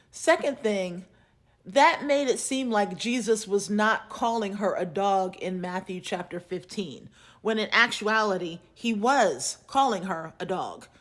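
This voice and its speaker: A woman who teaches at a seminary, telling a classroom story in a casual, teacherly way while doing her makeup. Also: medium pitch. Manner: deliberate, teacherly retelling of a class exchange. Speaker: seminary professor.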